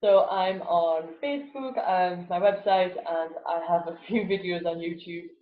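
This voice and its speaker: A woman's voice: on the low side, a little slow, slight background noise. A woman, a guest in a casual interview chat who laughs often and acts out voices animatedly. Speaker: guest, laughter yoga teacher. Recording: echoey, phone-like lo-fi audio.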